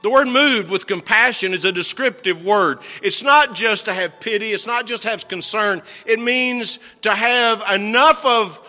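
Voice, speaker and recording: A male pastor preaching an earnest sermon with slow, emphatic phrasing that drops low at the ends of lines. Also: sharp tone, long reverb tail, soft background music.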